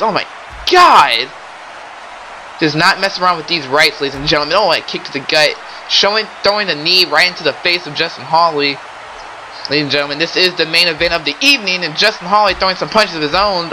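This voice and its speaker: Young guy calling a wrestling match, bright excited voice, keeps yelling, faint hiss behind. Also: a little high, brisk, rough recording. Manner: excitable, keeps exclaiming and saying ladies and gentlemen. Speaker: wrestling commentator. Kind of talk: play-by-play commentary.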